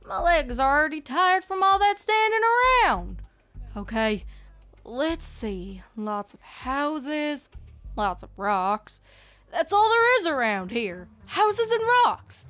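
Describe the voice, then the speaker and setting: A woman's voice: high voice, fairly bright tone, exaggerated voice. A woman voicing a young female farm pony who plays at being an outlaw, with a Southern drawl and a grumbling, boastful way of talking, in a fanfic audiobook reading. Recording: faint music behind.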